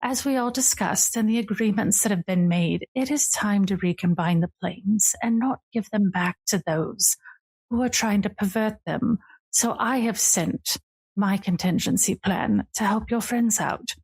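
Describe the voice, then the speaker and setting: A woman's voice: medium pitch, measured pace, darkish tone, breathy edge. A woman voicing a regal fae noblewoman who teases her brother in a languid, purring way. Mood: gracious. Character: regal teasing fae noblewoman, sister of a god.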